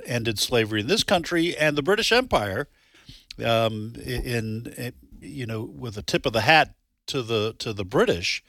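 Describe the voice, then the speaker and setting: A man hosts a radio talk show, rambling and restarting as he goes. His voice is bright and sits in a dry, close studio sound. He chuckles at himself between thoughts. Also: medium pitch, dry recording.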